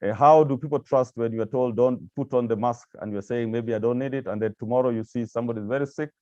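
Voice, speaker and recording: A man's voice: medium pitch, steady tone, quick pace, a little mellow, no room sound, dull audio. A man giving a presentation with slides to staff of agencies, speaking hesitantly with many repeated words and fillers. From Kenya.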